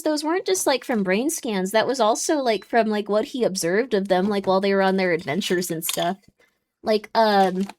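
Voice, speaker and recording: A young woman hosting a live-stream watchalong, chatting casually with her viewers, rambling with lots of fillers and getting exasperated at times. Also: medium pitch. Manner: rambling, many "like" and "um" fillers, gets loud and exasperated.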